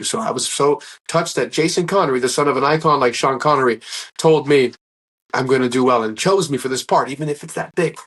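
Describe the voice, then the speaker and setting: A man's voice: medium pitch, brisk, fairly bright tone. A man speaking as a guest in a casual interview, telling stories in an earnest, rambling way and often restarting his sentences. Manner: earnest, rambling, acts out quoted dialogue.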